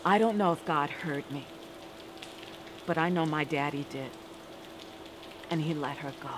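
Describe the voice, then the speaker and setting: A woman performing a spoken-word story with a deliberate, dramatic delivery and rhythmic repetition. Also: low-pitched, noisy background.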